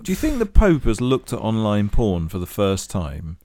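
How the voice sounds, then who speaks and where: A man's voice: fairly low pitch, huge pitch swings, normal speed, a little mellow, no room sound. A man co-hosting a comedy podcast, ranting, swearing and mocking in casual chat close to the mic. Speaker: podcast co-host.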